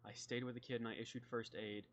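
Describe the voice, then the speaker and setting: A man's voice: mid-range voice, flat delivery, quick pace, slight background noise, lightly acted. Subdued, defensive condemned man, a man doing the voice, lo-fi recording. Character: condemned man pleading his innocence.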